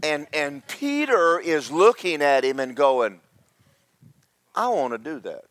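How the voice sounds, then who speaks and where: A man preaches a sermon, telling Bible stories in a folksy, joking manner and giving the characters comic voices. He speaks slowly in a fairly high, sing-song voice with a fairly bright tone.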